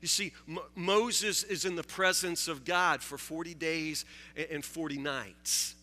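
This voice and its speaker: A man preaching a sermon, halting and repeating words, joking with his listeners. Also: a little high, steady tone, pushed and bright, soft background music. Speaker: pastor. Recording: long hall reverb.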